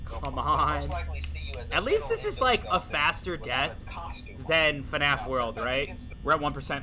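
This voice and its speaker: A man streaming a video game, giving frantic, excitable commentary as he yells, laughs and swears. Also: a little high, moderate pace, heavy background noise. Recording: game music playing clearly behind.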